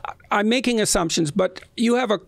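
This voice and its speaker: A middle-aged man co-hosting a podcast, talking in a measured, probing way with frequent restarts. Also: sits high, vocal fry, dry recording. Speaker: podcast co-host. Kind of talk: conversational interview.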